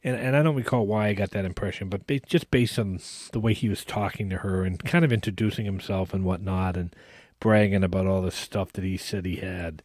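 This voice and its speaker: A man hosting a podcast, casually telling a long anecdote in an animated way, with frequent restarts. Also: low-pitched, fairly quick, no echo, studio quality. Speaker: podcast host. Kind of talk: casual storytelling.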